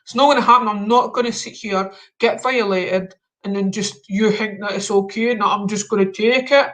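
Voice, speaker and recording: A man's voice: high voice, fairly even intonation, moderate pace, a bit bright. A man hosting a live stream, chatting casually with slangy, mock-confrontational banter. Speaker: livestream host.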